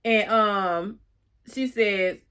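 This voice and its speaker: A woman's voice: medium pitch, drawn-out words, fairly bright tone, clear, resonant tone. A woman casually recapping and reviewing a TV episode, retelling the scenes by quoting the characters, with chatty fillers and restarts.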